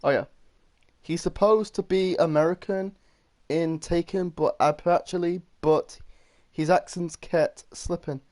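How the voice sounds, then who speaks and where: A man's voice: a little high, steady tone, measured pace, darkish tone, no room sound. A man doing casual gaming commentary, rambling and swearing while he reads his chat. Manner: rambling, swearing, many restarts. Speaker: gaming streamer.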